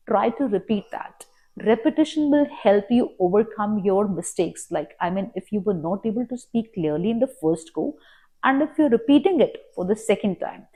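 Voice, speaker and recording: A woman's voice: medium pitch, dark tone. A woman with an Indian English accent giving exam tips as a coach. She speaks in an earnest, explanatory way and walks through her advice step by step. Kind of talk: instructional talk to camera.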